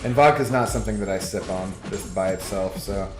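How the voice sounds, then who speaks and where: A man's voice: lowish voice, brisk. A man streaming from home who chats with viewers while he plays, rambling, laughing often and reading chat aloud. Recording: roomy echo with faint music.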